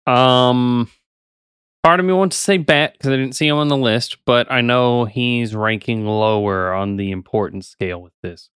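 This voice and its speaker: A man's voice: mid-range voice, normal speed, fairly bright tone, clear, resonant tone, dry recording, studio quality. A man in casual chat, thinking aloud and hesitantly guessing an answer. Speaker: listener.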